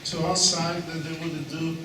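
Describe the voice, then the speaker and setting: A man giving a halting speech at a seminar, full of fillers, praising a colleague. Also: fairly high pitch, flat delivery. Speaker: seminar speaker, law professor. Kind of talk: public speech. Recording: echoey hall, distant mic, noise.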